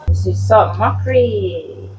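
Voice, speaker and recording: A woman's voice: mid-range voice, animated, takes it slowly, creaky, a little mellow, soft background music, poor audio. A woman cook, giving short, plain answers.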